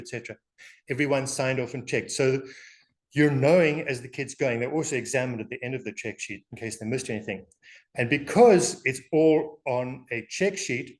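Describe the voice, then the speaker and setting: Chuckling older man with a South African English accent. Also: mid-range voice. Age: 60s. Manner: animated, chuckling storyteller. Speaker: alumnus. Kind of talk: casual storytelling interview.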